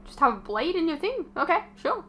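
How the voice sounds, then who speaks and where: A woman's voice: very high voice, very animated, brisk, a bit bright, faint music behind. A woman hosting a reaction video, chatting casually and exclaiming back at the screen.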